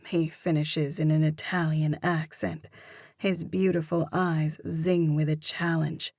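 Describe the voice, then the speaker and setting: A woman narrating a first-person romance audiobook, in a measured, expressive manner. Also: deep voice, dry recording, clean studio sound.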